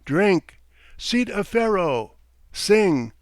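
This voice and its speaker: A man voicing a drunk, bitter, distrustful rich merchant, loud and blustering. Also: fairly high pitch, sing-song, moderate pace, no echo. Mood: rowdy. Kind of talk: audiobook character reading.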